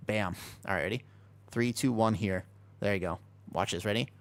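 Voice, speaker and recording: A man casually chatting with his viewers while streaming a game, excitable and talkative. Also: fairly low pitch, fairly quick. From United States. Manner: excitable, chatty, reacts to chat.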